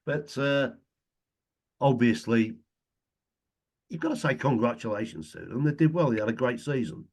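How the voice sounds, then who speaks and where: A man's voice: mid-range voice, expressive, normal speed, breathy edge. A middle-aged man chatting casually as a guest, telling anecdotes and chuckling often. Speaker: guest, retired footballer.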